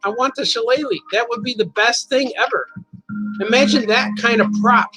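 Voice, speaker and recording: A man's voice: extremely high pitch, normal speed, bright, forceful tone, soft background music, low-quality recording. A man hosting a live show, chatting casually and rambling from joke to joke, laughing often as he reads viewer comments. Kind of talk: casual live-stream chat.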